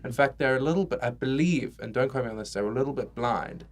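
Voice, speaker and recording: A man's voice: medium pitch, fast. A young man co-hosting a casual comedy podcast, teasing his friends and telling stories with laughter. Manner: laughing, teasing, animated storyteller. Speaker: podcast co-host.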